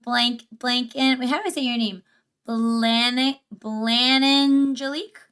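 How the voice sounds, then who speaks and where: A woman's voice: on the high side, steady tone, slow, fairly bright tone, clear, resonant tone. A woman hosting a livestream, chatty and giggly, reacting to a video and reading chat aloud from a home setup. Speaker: livestream host. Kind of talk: casual livestream commentary.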